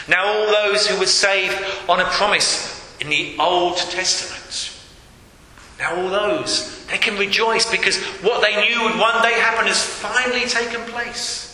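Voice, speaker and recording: A man's voice: high voice, fairly even intonation, slow pace, bright, forceful tone. A man preaching a sermon, emphatic and repeating his key phrases, recorded in a church hall. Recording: echoey hall with long reverb, faint noise.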